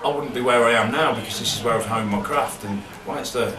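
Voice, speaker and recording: A man's voice: mid-range voice, quick pace, crowd noise. A male comedian speaking earnestly in an interview. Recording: echoey room from far, clear noise.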